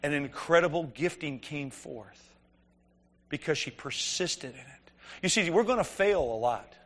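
A man's voice: a little high, lively intonation, measured pace, a bit bright, long reverb tail. A man preaching a conversational sermon, telling stories and asking the congregation rhetorical questions.

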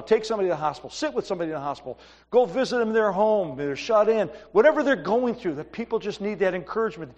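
Man, pastor, middle-aged, high-pitched voice, chatty sermon storytelling, long hall reverb. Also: dull audio. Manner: storytelling, conversational, animated asides.

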